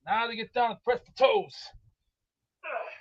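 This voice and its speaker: A man rambling excitedly about football and cooking in a boastful, comedic way, slightly out of breath. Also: very high-pitched, measured pace, vocal fry. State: out of breath from exercise. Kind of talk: rambling comedic sports chat. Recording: dull lo-fi sound.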